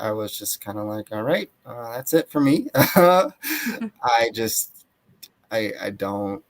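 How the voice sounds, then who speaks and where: A young man from Atlanta, Georgia, losing his voice, talking thoughtfully in an interview as an author guest, with many fillers and hedges. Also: lowish voice. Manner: thoughtful, hedging, frequent fillers. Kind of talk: casual interview talk.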